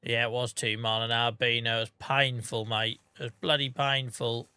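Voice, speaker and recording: A man chatting casually on a gaming livestream, calling viewers by name and humming little tunes between remarks. His voice is bright and forward, and it sounds dry and close. He sounds relaxed. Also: mid-range voice, moderate pace, clear, resonant tone, no echo. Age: adult with a day job. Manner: chatty, talks to viewers by name, hums to himself. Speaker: streamer.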